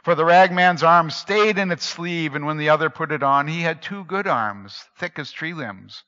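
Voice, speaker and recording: A man reading a story aloud dramatically, moving between hushed and emphatic delivery. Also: fairly high pitch, expressive, normal speed. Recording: dull lo-fi recording in a reverberant hall.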